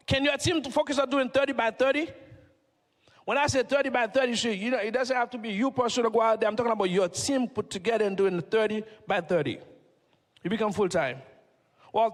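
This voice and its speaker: A middle-aged man with a Haitian accent speaks from the stage in a very high voice, hammering the audience with question after question. His voice rings out through a large hall with a long, trailing reverb. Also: a bit bright. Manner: preachy, fires rhetorical questions at the audience. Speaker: motivational speaker. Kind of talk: stage motivational speech.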